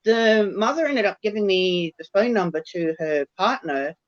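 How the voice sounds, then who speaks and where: A man's voice: high-pitched, expressive, moderate pace, dry recording, highs cut off. A man telling a story on a call, rambling and hesitant, with bursts of swearing.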